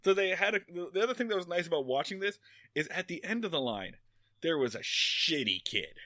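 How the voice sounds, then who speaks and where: Bright, animated man telling a story. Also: fairly high pitch, a little fast, no echo, studio quality. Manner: animated rambling storytelling, swearing. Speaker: podcast co-host. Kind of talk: casual chat.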